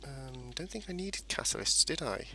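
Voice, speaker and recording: A man's voice: medium pitch, very animated, moderate pace, pushed and bright, a little hiss or hum. A man casually commentating a space game as he plays, rambling and explaining each step. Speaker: gameplay commentator. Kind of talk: casual let's-play commentary.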